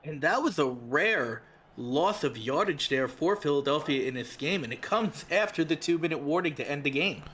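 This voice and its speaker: A man's voice: on the high side, expressive, normal speed, fairly bright tone. A man with a New York accent giving analytical color commentary on a football game, breaking down stats and plays.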